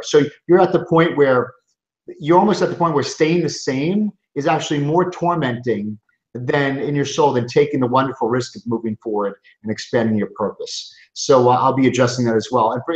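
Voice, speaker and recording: A middle-aged man, a chiropractor, giving an earnest, emphatic motivational webinar talk from his office, often restarting his sentences. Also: mid-range voice. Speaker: chiropractor and coaching group founder. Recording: roomy, dull lo-fi sound.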